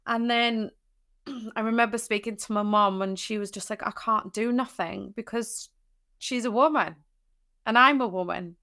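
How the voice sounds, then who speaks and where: A woman's voice: on the high side, moderate pace, bright, forceful tone. A young adult woman, a podcast guest, tells a personal story in an emotional way, teary at times, with many restarts and fillers.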